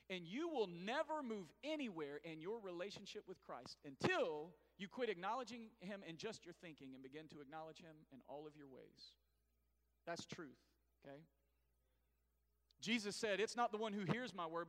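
High-voiced guy preaching, lively back and forth with the church, big echoey hall. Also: moderate pace. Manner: animated preaching with call-and-response to the congregation. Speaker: pastor. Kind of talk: sermon. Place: church sanctuary. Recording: long reverb of a church hall.

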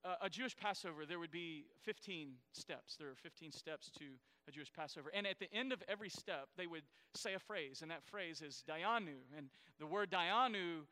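Man, sermon, high-pitched, resonant, long hall reverb. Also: moderate pace, few pauses, sharp tone, clear, resonant tone. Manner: explanatory, asks the congregation questions. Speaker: pastor.

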